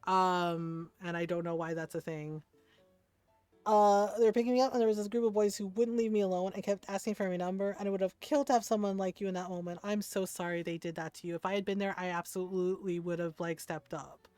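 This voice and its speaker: A woman's voice: fairly low pitch, quick pace, clean tone, no room sound, faint music behind. Candid woman streamer, dry close sound. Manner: candid, animated storytelling with casual swearing. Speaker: game streamer. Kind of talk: casual chat with viewers while gaming.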